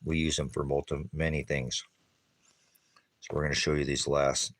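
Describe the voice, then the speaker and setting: A man's voice: rumbling low, flat delivery, moderate pace, fairly bright tone. A man chatting casually in the desert for an outdoor cooking vlog, talking with his mouth full between bites. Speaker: vlogger.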